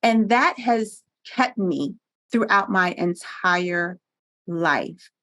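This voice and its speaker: Pennsylvania woman on a podcast, animated storyteller, laughs a lot, studio mic. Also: fairly low pitch, very slow. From Pennsylvania, USA. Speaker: podcast guest, entrepreneur. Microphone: studio microphone.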